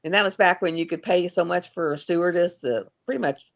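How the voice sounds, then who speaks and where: A woman's voice: on the low side, fairly quick. A woman hosting a livestream, telling rambling, folksy stories in casual chat. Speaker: livestream host.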